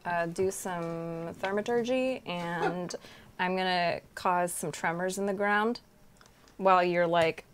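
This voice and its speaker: A woman playing a tabletop game, chatting casually in an excitable, joking way. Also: lowish voice, takes it slowly, background noise. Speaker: player.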